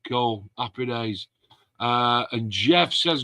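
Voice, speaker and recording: Male host, chatty and bright, dry close sound; reads viewer comments on a live stream. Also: mid-range voice, moderate pace, dry recording. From England. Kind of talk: casual live-stream chat.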